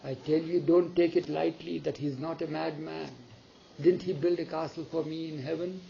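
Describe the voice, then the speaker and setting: Man doing a proud queen, insistent, scolding, slightly raised pitch, gravelly. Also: steady tone, moderate pace, dark tone, highs cut off, slight background noise.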